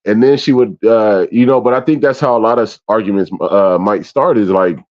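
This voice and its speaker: Animated man telling stories, muffled audio. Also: lowish voice, a little fast. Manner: animated storyteller, acts out his own reactions with loud swearing. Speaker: podcast co-host. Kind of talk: candid casual chat.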